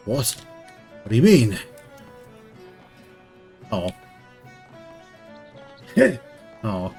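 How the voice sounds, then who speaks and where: A man's voice: fairly low pitch, big pitch swings, extremely slow, creaky, pauses often, a little mellow, soft background music. A man streaming a game and commenting in a wry, jokey, playful way.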